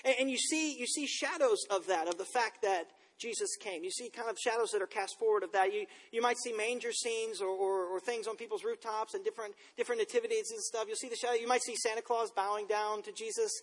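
A man in his thirties, a pastor, giving a conversational sermon with relaxed, self-deprecating stories. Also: high voice, quick pace, few pauses. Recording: long reverb in a large room.

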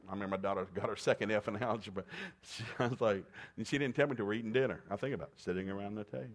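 A middle-aged man preaching a sermon, mixing scripture readings with joking asides and loud whoops of laughter. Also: on the low side, fast talker.

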